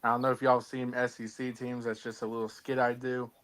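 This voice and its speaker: A man in casual chat on a podcast, talking softly and hesitantly with many pauses. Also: medium pitch, level tone. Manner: soft-spoken, hesitant, many fillers. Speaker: podcast co-host.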